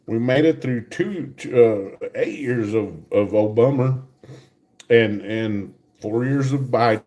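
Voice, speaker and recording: A man's voice: mid-range voice, slow pace, mellow. A man with a Texan accent co-hosting a casual livestream from home, laid-back and joking, telling stories. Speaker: co-host of a livestream. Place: home kitchen.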